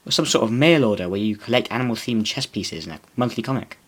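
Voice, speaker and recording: A man voicing a cocky, sarcastic young male wizard who talks loudly and mockingly. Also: lowish voice, expressive, fast.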